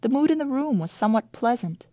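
A woman's voice: fairly high pitch, expressive, quick pace, warm tone, dry recording. A woman teacher reading her own diary entries aloud in a dry, wry storytelling manner.

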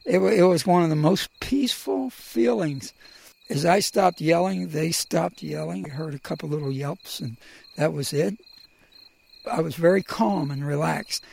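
A middle-aged man telling his own personal story in a halting, emotional way, with many pauses and fillers. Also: fairly high pitch, gravelly, darkish tone, slightly rough.

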